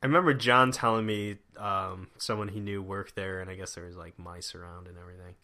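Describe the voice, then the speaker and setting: A man's voice: low voice, steady tone, a little fast, sharp tone. A young American man in casual chat, rambling with lots of fillers and restarts. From United States.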